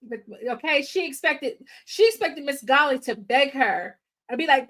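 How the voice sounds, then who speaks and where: Woman host, casual film reaction, high-pitched, animated slang-filled chatter. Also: moderate pace. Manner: playful and exclaiming, using slang, talking to viewers. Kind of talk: casual movie reaction commentary.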